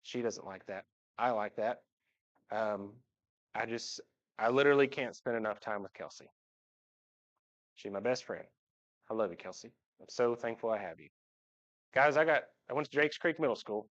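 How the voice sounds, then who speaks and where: With a somewhat low, slightly bright voice, a man speaks at normal speed but leaves long pauses as he talks about his family to his congregation. His personal church talk, delivered from the front of the sanctuary, is both humorous and sincere, and the livestream sound is dull.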